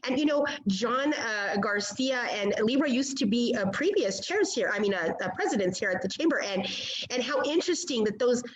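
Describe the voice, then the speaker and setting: A woman's voice: on the high side, expressive, moderate pace, roomy sound, poor audio. A woman moderating a chamber of commerce webinar panel over a video call, upbeat and encouraging, with many fillers.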